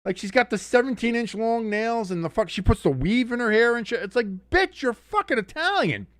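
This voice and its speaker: A man's voice: very high-pitched, fairly quick, dry recording. A man hosting a casual live-stream watch-along, reading chat aloud and swearing freely as he reacts. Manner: profane, animated, reads chat aloud.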